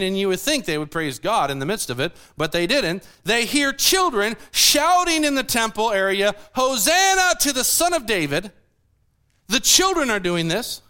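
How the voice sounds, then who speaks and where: A man with a high, clear, resonant voice preaches a sermon, explaining scripture. He's animated and puts questions to the congregation.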